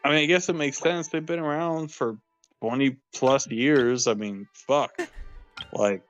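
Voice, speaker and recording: A man's voice: mid-range voice, steady tone, measured pace, muffled recording, faint music behind. A man chatting casually on a late-night stream, laid-back, rambling and often restarting his sentences. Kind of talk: casual chat.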